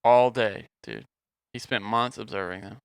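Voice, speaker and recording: A man's voice: on the low side, normal speed, vocal fry, clear, resonant tone, no room sound. A man co-hosting a podcast, talking through videos in a laid-back way, swearing and saying "dude" a lot. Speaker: podcast co-host. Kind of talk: casual podcast chat, narrating videos.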